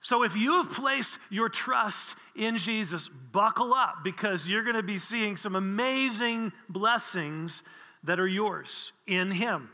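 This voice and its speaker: Male pastor, sermon, high bright voice, earnest teaching tone, long hall reverb. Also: animated, takes it slowly. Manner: earnest, explanatory teaching with frequent restarts.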